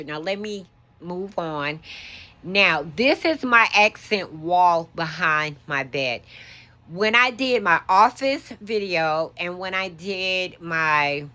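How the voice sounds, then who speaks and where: A woman's voice: fairly low pitch, pushed and bright. A woman giving a chatty show-and-tell walkthrough of her decorated bedroom, explaining things as she points them out. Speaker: home decor vlogger.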